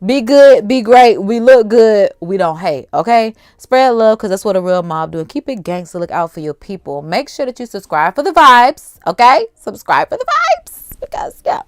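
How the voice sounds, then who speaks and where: A young adult woman hosting a casual livestream, chatty and animated, talking straight to her viewers in slangy asides. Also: medium pitch, normal speed, hardly any pauses, dry recording, clean studio sound. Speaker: livestream host.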